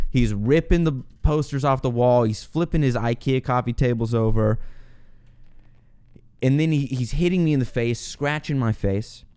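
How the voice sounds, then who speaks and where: A young man hosting his own podcast, telling a story in a casual, animated way, swearing, laughing and acting out what people said. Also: mid-range voice, clear, resonant tone. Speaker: podcast host.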